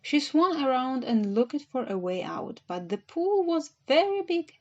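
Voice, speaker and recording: A woman narrating a children's storybook audiobook in a measured, gentle reading. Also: sits high, very animated, muffled recording.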